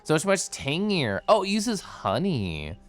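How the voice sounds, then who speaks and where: A man's voice: on the high side, huge pitch swings, measured pace, faint music behind. A man streaming a game, chatting casually in a bubbly, giggly, theatrical way. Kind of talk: casual livestream chat over gameplay.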